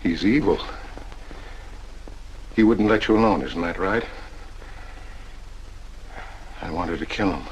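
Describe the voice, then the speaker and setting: A man's voice: low voice, normal speed, dull audio, natural voice. An actor playing a timid, pleading middle-aged man. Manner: gentle, pleading, stammering. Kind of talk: 1940s film acting. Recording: hissy 1940s film soundtrack.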